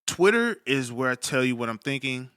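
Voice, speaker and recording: A man's voice: mid-range voice, big pitch swings, normal speed, fairly bright tone, smooth, no echo. A man co-hosting a podcast in a studio, chatting in a profane, emphatic, joking way. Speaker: podcast co-host. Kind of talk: casual chat.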